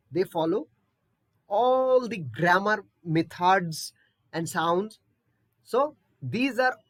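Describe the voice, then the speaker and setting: Slow, lively woman teaching pronunciation. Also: on the low side. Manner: patient, repetitive, checks in with "okay?". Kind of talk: online pronunciation lesson.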